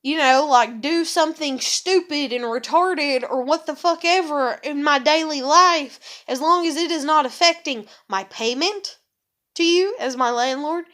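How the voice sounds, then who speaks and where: An angry female vlogger delivers a profane venting monologue to the camera, heavy with swearing and repetition. She speaks in a high, unhurried voice with a fairly bright tone.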